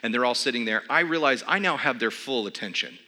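A man's voice: mid-range voice, lively intonation, fast talker, bright, forceful tone. A man preaching a sermon, telling a humorous, self-deprecating story with comic timing. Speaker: pastor. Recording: long reverb of a large hall.

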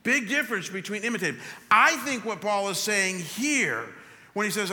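A man preaching a sermon as pastor, talking straight to his congregation in an animated way. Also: sits high, moderate pace. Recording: long hall reverb.

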